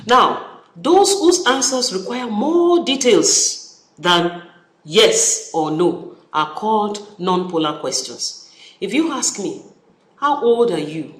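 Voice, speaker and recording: A university lecturer with a Nigerian English accent giving a recorded study-session lecture, animated, repeating key phrases and acting out example sentences. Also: mid-range voice, takes it slowly. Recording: echoey room.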